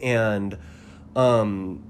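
Low-voiced man casually recapping a film. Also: fairly even intonation, extremely slow, slight background noise. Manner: rambling retelling with many ums and acted quotes. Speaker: podcast co-host recapping a film. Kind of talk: casual chat.

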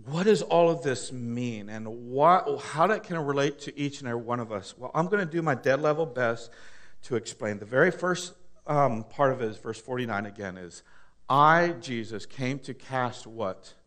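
A man preaching a sermon as pastor, reading scripture slowly and pausing for the congregation to call out the missing words, then joking and swinging between loud and soft delivery. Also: mid-range voice, animated.

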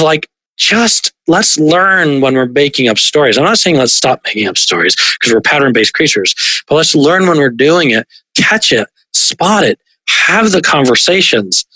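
A man's voice: medium pitch, sharp tone, slightly rough, no echo. A man talking as a coach guest on an interview, telling stories and making points with emphasis, often checking in with "right?". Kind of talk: animated conversational storytelling.

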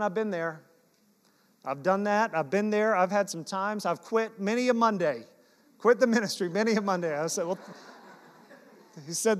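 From the pulpit, a high-voiced male pastor tells personal stories in an animated way, blending playful self-mockery with earnest exhortation. A long reverb from the church sanctuary trails his voice.

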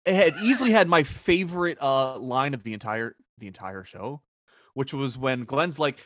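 Man, podcast co-host, animated pitch, dry close mic, expressive laughing chat. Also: moderate pace, no room sound. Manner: expressive, laughing, mock-quoting characters.

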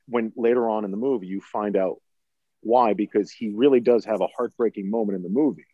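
Low, mellow man in his forties. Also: fairly quick, no echo. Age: 40s. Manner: thoughtful, builds long points with restarts. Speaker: podcast co-host. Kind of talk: casual film discussion. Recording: dull lo-fi sound.

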